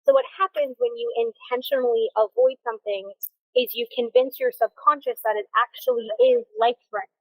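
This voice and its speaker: A woman's voice: on the high side, fairly even intonation, fairly quick, dry recording, poor audio. A woman hosting a solo podcast, talking in a chatty, upbeat, encouraging way close to the mic. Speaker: podcast host. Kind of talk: casual solo podcast talk. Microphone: close mic, recorded on video.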